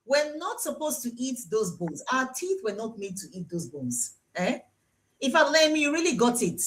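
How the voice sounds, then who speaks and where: A high-voiced Nigerian woman dentist talks to her viewers on a live stream. Her pitch swings widely as she teases them and hammers home her advice. She repeats the main points over and over. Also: big pitch swings, normal speed. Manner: chatty, teasing, repeats key points for emphasis. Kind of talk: live-streamed health talk. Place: dental clinic.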